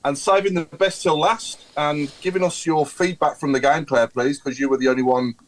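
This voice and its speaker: A man's voice: on the high side, fairly even intonation, moderate pace, a little hiss or hum, poor audio. A man, hosting a podcast and introducing the panel in an upbeat, jokey way. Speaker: podcast host.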